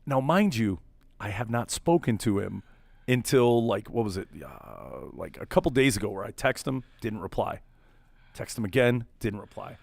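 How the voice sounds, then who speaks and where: A man co-hosting a casual radio-style chat, telling a story and acting out quotes loudly. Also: fairly low pitch, normal speed, gravelly, no echo. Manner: animated, acts out quotes loudly. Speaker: podcast co-host.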